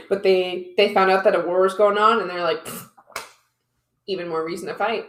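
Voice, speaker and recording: A woman co-hosting a casual podcast, telling a history story in a playful, animated way. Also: mid-range voice, reverberant.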